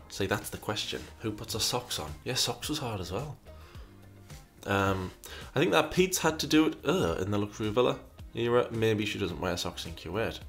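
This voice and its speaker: A man hosting a casual question session, reading out viewer questions and mulling over each answer while often repeating himself. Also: on the low side. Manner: reads questions aloud, muses, repeats himself. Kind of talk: casual chat.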